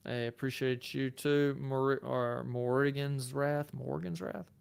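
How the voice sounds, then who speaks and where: Southern-accented man with a gravelly yet smooth voice. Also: mid-range voice, slow pace. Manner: relaxed, chatty, self-deprecating. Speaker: lawyer and channel host. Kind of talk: casual livestream chat reading comments.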